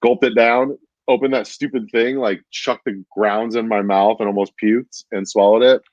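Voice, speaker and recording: A stand-up comedian with a lowish voice, fairly even intonation and a moderate pace tells a rambling story in casual chat. He packs it with fillers, "like," and constant "dude." The recording is dull, lo-fi and dry, with no echo.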